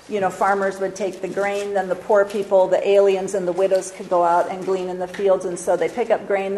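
A woman's voice: mid-range voice, darkish tone, a little hiss or hum, low-quality recording. A woman giving a sermon, retelling a Bible story in a casual, conversational way with occasional fillers and reading scripture aloud. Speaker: Bible teacher.

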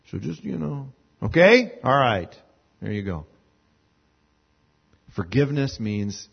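A man preaching a conversational sermon, animated and acting out little scenes with voices. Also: medium pitch, takes it slowly, creaky, pauses often, slightly rough. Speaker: pastor. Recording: muffled lo-fi sermon recording.

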